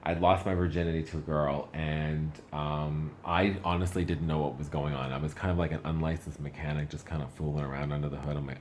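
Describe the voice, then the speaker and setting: Very deep-voiced man doing stand-up. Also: flat delivery, a little fast, hardly any pauses, slight background noise. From Canada. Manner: chatty and self-mocking, voice jumps up for punchlines. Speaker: stand-up comedian. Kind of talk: stand-up comedy set.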